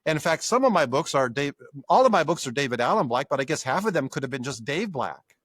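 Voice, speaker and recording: An older man, a guest scholar in an interview, explaining with lively examples and acted-out quotes. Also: a little high, quick pace, dry recording. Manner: animated explainer acting out examples.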